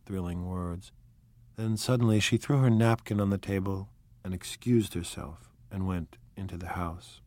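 A man narrating an audiobook in a measured, soft-spoken, reflective way. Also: on the low side, no room sound. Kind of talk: scripted narration.

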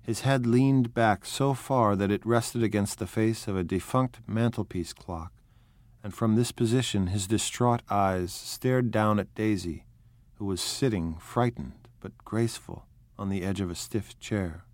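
A man narrates a novel in a steady, measured, unhurried way. His voice sits low, recorded close with a dry, dead sound. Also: no room sound. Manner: measured, even, unhurried reading. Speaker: audiobook narrator. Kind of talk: scripted narration.

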